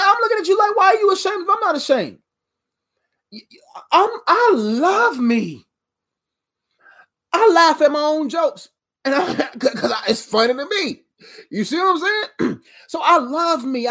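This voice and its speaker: A woman giving faith-based motivational preaching straight to camera, emphatic and repetitive in a conversational way, laughing at her own jokes. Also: high-pitched. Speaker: motivational speaker.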